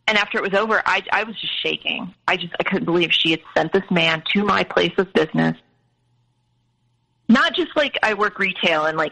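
A woman's voice: fairly low pitch, big pitch swings, fairly quick, gravelly, sharp tone, rough recording. A young woman candidly recounting a painful family story, quoting others in her own voice. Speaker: guest telling her story. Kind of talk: personal storytelling.

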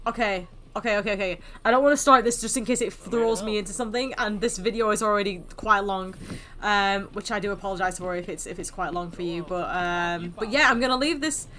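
A woman's voice: mid-range voice, fairly quick, fairly bright tone. A young woman giving chatty, self-mocking commentary while playing a video game. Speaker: gaming YouTuber. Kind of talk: casual gameplay commentary. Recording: game sounds and hooves over voice.

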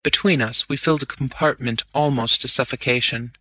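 A man reading a classic story aloud in measured first-person narration. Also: medium pitch, steady tone, pushed and bright, no room sound. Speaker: audiobook narrator.

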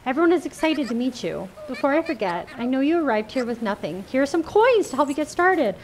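A woman's voice: high-pitched, sing-song, a little fast, a little hiss or hum, low-quality recording. A woman voicing a kindly, welcoming male villager in a cozy game.

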